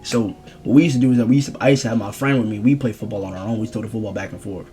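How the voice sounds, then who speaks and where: A young man rambling through a casual storytime vlog in slangy, animated speech. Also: fairly low pitch, racing, faint music behind. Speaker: streamer telling a story.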